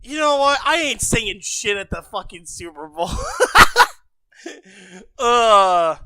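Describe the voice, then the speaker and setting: A young man streaming live, shouting, laughing and swearing in casual chat. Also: high voice, animated, takes it slowly, smooth, no echo.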